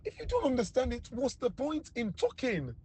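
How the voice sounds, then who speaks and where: A man's voice: extremely high pitch, huge pitch swings, normal speed, darkish tone, breathy edge. A man with a Sierra Leonean Krio accent giving heated, scornful political commentary that repeats itself. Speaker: online commentator.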